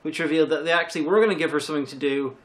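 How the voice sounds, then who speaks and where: Measured, hedging co-reviewer. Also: mid-range voice, a bit bright. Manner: measured, hedging, many restarts. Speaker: film reviewer. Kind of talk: casual chat.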